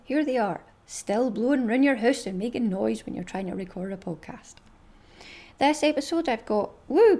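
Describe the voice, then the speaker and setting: A woman's voice: on the high side, a little mellow. A woman with a Scottish accent hosting a casual chat podcast, chatty and bubbly, laughing often. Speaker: podcast host.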